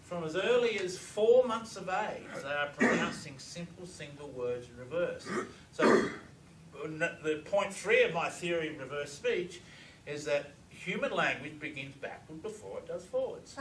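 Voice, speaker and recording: An older man lectures to a live audience with eager, chatty energy, his voice a touch high for a man. He sounds distant from the mic, with a roomy echo and a faint hiss of background noise. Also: expressive, moderate pace, fairly bright tone. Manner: enthusiastic, conversational.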